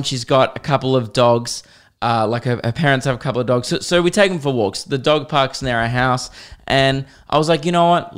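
A young man rants through a comic podcast monologue, crude and sarcastic, swearing freely. His voice is smooth and clear, sitting at an ordinary middle pitch for a man. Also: fairly bright tone. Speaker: podcast host. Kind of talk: comedic solo podcast monologue.

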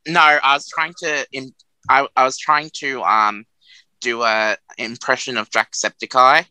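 A man's voice: medium pitch, steady tone, measured pace, pushed and bright, clean tone, no room sound, rough recording. Rambling, self-mocking young radio co-host man. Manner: rambling, self-mocking, laughs at own jokes. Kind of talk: casual radio chat.

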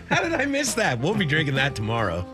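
A man co-hosting sports radio, upbeat and playful in casual banter. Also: on the high side.

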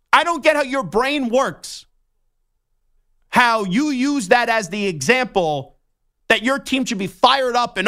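A young man on a sports talk show launches into a heated, indignant rant, his bright, tense voice pushing hard. He sounds fired up and disgusted. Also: very high voice, lively intonation, measured pace. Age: young adult. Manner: indignant, worked up, ranting. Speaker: sports radio host.

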